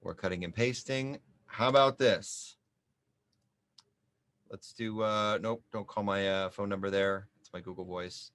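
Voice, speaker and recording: Filling in each field of an online form during a screen-share tutorial, the advisor talks loosely, jokes a little and thinks aloud. His lowish voice keeps a steady, fairly bright tone at a measured pace, while keys clack and a mouse clicks in the background.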